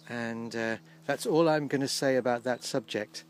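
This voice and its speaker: A man giving casual, gently humorous commentary outdoors by a field, slowly explaining English words as he films. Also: medium pitch, slight background noise. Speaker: vlogger teaching English.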